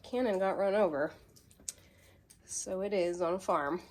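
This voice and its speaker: A woman chatting casually on a homestead vlog, slightly out of breath, recorded outdoors on a handheld camera. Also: mid-range voice. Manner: chatty, bubbly, laughs easily. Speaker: homesteading vlogger. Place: outdoors on a farm, by a chicken coop.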